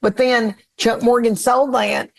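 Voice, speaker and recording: A woman's voice: a little high, steady tone, measured pace, gravelly. A woman in her fifties from Tennessee with a Southern twang, telling stories in a rambling, self-deprecating way during an interview. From Tennessee, USA. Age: 50s. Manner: chatty, rambling, self-deprecating, laughs often. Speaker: comedian guest. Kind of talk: casual interview storytelling.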